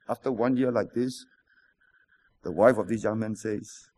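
A man's voice: lowish voice, a little slow, darkish tone. A man, preaching a sermon with stories, rhetorical questions and emphatic repetition. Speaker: pastor.

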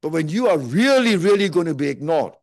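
Male pastor, higher-pitched, dry close sound, conversational sermon full of rhetorical questions. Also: big pitch swings, brisk, dry recording. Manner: asks listeners many rhetorical questions; half-joking, conversational preaching.

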